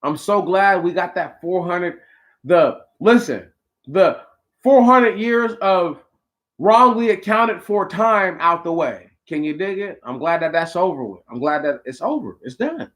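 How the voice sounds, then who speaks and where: A man's voice: high voice, lively intonation, measured pace, a bit bright. A man hosting a talk show, delivering a preachy, conversational monologue straight to his listeners with slang asides. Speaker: podcast host.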